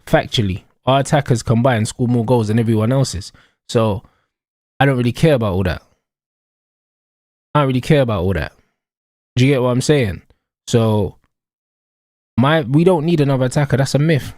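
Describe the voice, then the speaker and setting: A man's voice: medium pitch, moderate pace, long pauses, darkish tone, no echo, studio quality. Slangy young London man ranting. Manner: slangy, emphatic, repetitive. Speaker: streamer. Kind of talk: casual live-stream rant.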